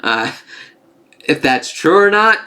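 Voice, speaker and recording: A man casually recapping and reviewing a TV episode, excitable and profane, full of "kind of" and "like". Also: on the high side, slow pace.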